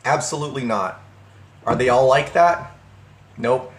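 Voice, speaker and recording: Man, mid pitch, telling a rambling story with lots of restarts, recorded in a roomy space. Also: measured pace. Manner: rambling, many restarts and stammers. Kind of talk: casual storytelling monologue.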